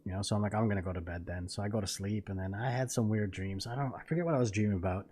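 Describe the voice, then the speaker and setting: A man's voice: on the low side, very fast, darkish tone. A man in his thirties, a podcast co-host, casually telling a long story full of swearing and laughter. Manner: profane, rambling, laughing storyteller.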